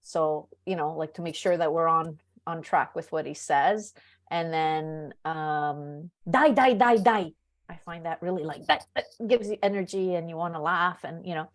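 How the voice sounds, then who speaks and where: A woman on a video call, a workshop participant chatting and laughing as she shares funny stories. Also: lowish voice. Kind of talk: casual storytelling.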